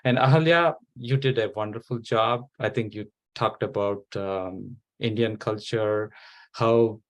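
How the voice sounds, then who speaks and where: A man giving halting feedback as a debate judge over a video call. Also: fairly low pitch, fairly even intonation. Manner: halting, hesitant. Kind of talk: spoken feedback.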